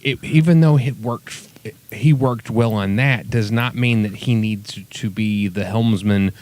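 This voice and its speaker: A man's voice: on the low side, a little slow, a little mellow. A man co-hosting a casual podcast chat, laying out his opinions in long, opinionated arguments. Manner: opinionated, lays out arguments at length. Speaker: podcast co-host.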